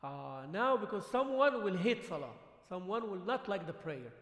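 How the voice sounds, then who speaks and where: High-voiced sheikh in an echoey mosque hall. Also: male voice, big pitch swings, normal speed, fairly bright tone. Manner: asks the audience questions and laughs often; mixes Arabic words into English. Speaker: sheikh teaching a mosque class. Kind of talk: conversational religious lesson. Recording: echoey hall with long reverb.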